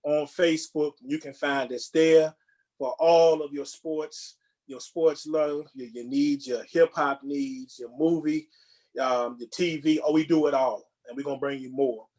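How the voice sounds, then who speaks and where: A man co-hosting a movie podcast in casual chat, relaxed and rambling, often repeating words and restarting. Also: on the high side, unhurried. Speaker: podcast co-host.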